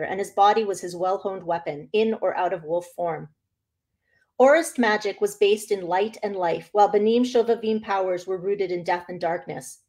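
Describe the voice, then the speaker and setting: Woman author reading her novel aloud; expressive first-person delivery. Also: mid-range voice.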